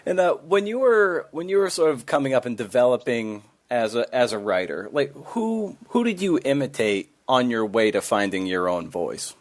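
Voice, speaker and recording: A man's voice: mid-range voice, sing-song, moderate pace, few pauses. A man hosting a podcast interview, chatting casually and using "like" often. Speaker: podcast host. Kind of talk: conversational interview.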